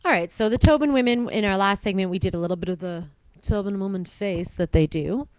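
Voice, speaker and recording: A woman co-hosting a casual chat, telling animated stories and breaking into silly voices. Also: mid-range voice, a little fast, a little hiss or hum, poor audio. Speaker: podcast co-host.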